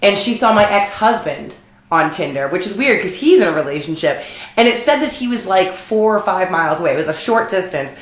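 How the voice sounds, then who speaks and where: A woman with a middle-pitched voice co-hosts a loose chat, wandering through stories and laughing along the way. The room around her is echoey. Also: animated, a little fast. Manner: rambling, laughs often, storytelling. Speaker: podcast co-host. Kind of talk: casual chat.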